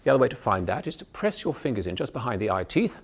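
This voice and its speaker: A man with a Canadian accent, a drama professor explaining speech technique in a clear, patient teaching manner. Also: mid-range voice, sing-song, fast talker. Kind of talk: instructional video lesson.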